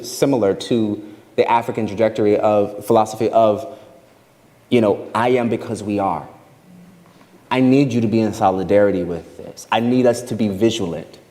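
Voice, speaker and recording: A man's voice: lowish voice, dark tone. A man preaching a sermon as guest minister, emphatic and folksy, repeating his phrases for weight. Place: large church hall. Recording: long hall reverb with instrument behind.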